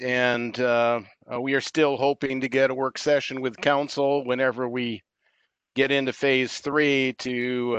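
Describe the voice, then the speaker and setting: Man, clear smooth voice, dry close sound, steady meeting-call update full of fillers. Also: medium pitch, no echo, muffled recording. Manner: measured, with frequent fillers and restarts. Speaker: staff member giving an update. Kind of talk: meeting report by audio call. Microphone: audio-only call, no camera.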